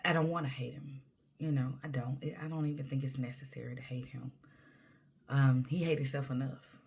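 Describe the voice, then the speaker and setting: A woman's voice: rumbling low, steady tone, moderate pace, creaky, darkish tone, breathy edge. A woman talking candidly to camera in a personal monologue, emphatic and conversational, sometimes dropping to a near-whisper. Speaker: vlogger.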